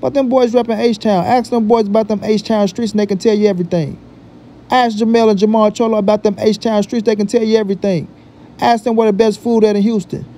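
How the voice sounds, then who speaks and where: A man's voice: high voice, fairly even intonation, a little fast, dark tone. A man hosting a boxing vlog, giving his opinion in emphatic, repetitive talk full of profane street slang. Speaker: boxing commentary vlogger.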